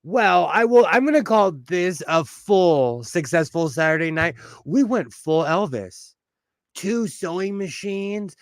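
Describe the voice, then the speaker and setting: Laughing, animated man chatting on a livestream. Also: fairly high pitch, no room sound. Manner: chatty, laughs often, self-mocking. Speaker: sewing livestream host. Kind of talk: casual live stream chat.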